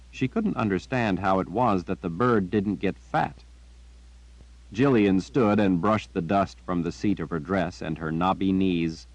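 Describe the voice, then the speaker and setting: A man reading a fantasy novel aloud as a narrator, with measured, unhurried storytelling. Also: low voice, dry recording, rough recording. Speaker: audiobook narrator. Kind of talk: scripted narration.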